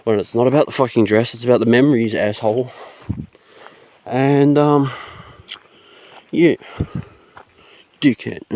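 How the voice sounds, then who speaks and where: A man's voice: mid-range voice, measured pace, pauses often, darkish tone. A young man, rambling through a casual story into his phone, laughing and swearing as he goes. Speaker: vlogger. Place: outdoors.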